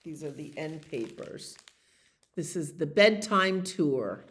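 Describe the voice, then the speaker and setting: A woman librarian reads a bedtime picture book aloud at an unhurried pace. Her voice swoops up and down expressively, and she pauses for friendly, chatty asides to young listeners. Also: low-pitched, animated, slight background noise. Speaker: children's librarian. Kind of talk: bedtime story read-aloud.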